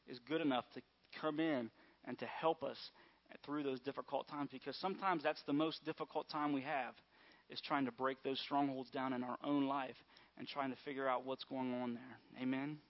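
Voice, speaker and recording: Male pastor, conversational sermon delivery with constant call-and-response checks, muffled lo-fi sound. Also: mid-range voice. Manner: conversational, repeatedly asks "all right?" and "amen?". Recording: dull lo-fi sound.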